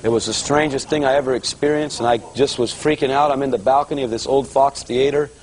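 A man preaching to a church audience, telling his conversion story in a lively storytelling manner and acting out the voices of others. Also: mid-range voice, quick pace, poor audio. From Los Angeles area. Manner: animated storyteller, voices quotes, rising excitement. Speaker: guest preacher giving testimony. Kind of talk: sermon testimony storytelling.

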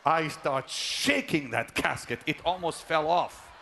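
A middle-aged preacher telling a personal story in a sermon, dropping to a hush and then rising to shouts. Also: male voice, on the high side, measured pace, vocal fry, a little hiss or hum. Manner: dramatic, swings from hushed to shouting.

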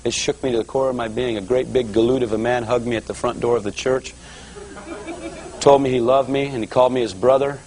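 A man preaching to a church audience, telling his conversion story in a lively storytelling manner and acting out the voices of others. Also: mid-range voice, a little fast, low-quality recording. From Los Angeles area. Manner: animated storyteller, voices quotes, rising excitement. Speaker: guest preacher giving testimony. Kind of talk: sermon testimony storytelling.

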